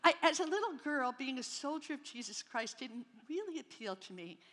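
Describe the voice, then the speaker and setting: High-voiced older woman in a reverberant hall. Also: very animated, normal speed, pushed and bright. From New Jersey, near New York City. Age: 70s. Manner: humorous, candid storytelling. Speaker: speaker at a Christian rally. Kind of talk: personal faith testimony to an audience. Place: large hall at a rally. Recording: long reverb of a large hall.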